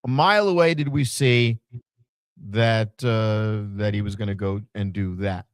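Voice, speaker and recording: A man's voice: lowish voice, unhurried, smooth, no echo, clean studio sound. A man co-hosting a podcast, giving a blunt, profane, opinionated wrestling recap in casual chat. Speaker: podcast co-host.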